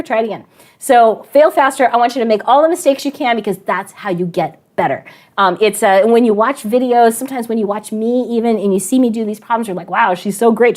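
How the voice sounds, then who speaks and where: Brief: high-pitched woman teacher, chatty storyteller who laughs often. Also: a little mellow. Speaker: math and science teacher. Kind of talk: storytelling to students in an online class.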